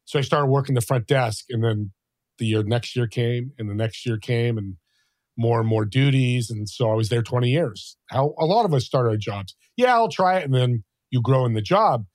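A man in his sixties, a podcast guest telling stories in a lively conversational way and acting out the voices of people he quotes. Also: mid-range voice, moderate pace, no echo, studio quality. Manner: animated, acts out quoted voices. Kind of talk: conversational storytelling.

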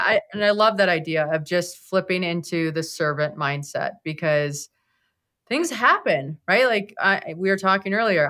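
A woman's voice: low voice, a bit bright. A woman hosting a podcast interview, chatty and open, often quoting her own thoughts. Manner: chatty, talks with her hands in quotes and many "like"s. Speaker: podcast host. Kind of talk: conversational interview.

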